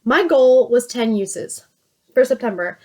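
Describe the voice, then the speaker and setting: A woman's voice: fairly high pitch, expressive, measured pace, a little mellow. A chatty woman from Virginia with a Southern drawl, talking casually through her makeup routine and often poking fun at herself. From Virginia, USA. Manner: chatty, self-mocking, laughs often. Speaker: beauty vlogger.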